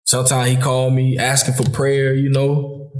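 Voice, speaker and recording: A man hosting a podcast who talks through fatherhood in a relaxed, heartfelt chat, often calling his friend "bro". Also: medium pitch, normal speed. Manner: informal Southern US speech, calls listener "bro". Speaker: podcast host. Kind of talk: casual heartfelt conversation. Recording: echoey room.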